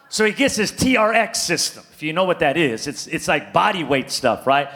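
A pastor from California telling a comic story in a sermon, animated and playful, calling out to his congregation. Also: a little high, moderate pace, few pauses.

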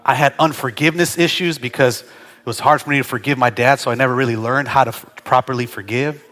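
A male pastor preaching a sermon, talking conversationally with humorous asides to the congregation and building to shouted prayers. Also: mid-range voice, fairly even intonation, quick pace, faint music behind.

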